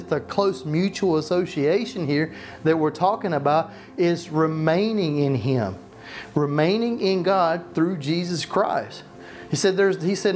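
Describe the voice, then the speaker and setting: A male pastor preaching a sermon in a church, passionate, asking rhetorical questions and often restarting his sentences. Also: high-pitched.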